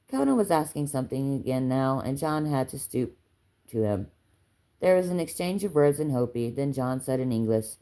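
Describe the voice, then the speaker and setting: A woman with a Southern accent reading a book aloud, unhurried, lifting her voice for the characters' lines. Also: a bass voice, expressive, mellow. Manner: unhurried storytelling, lifts her voice for dialogue. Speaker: audiobook reader.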